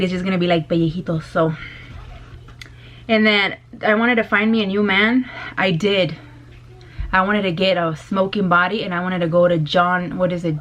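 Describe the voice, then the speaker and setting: A woman vlogger chatting casually to her camera, loud and bubbly, laughing often. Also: medium pitch. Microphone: compact camera.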